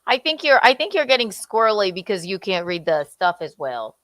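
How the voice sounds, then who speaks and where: A woman's voice: medium pitch, very animated, brisk, fairly bright tone, no echo. Playful woman with a dry, close voice. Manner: playful, teasing. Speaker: co-host reading chat donations. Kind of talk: casual livestream chat.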